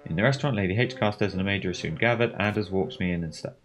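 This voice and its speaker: A man's voice: on the low side, very fast, soft background music. A man reading a mystery game aloud, with wry, dry asides between passages.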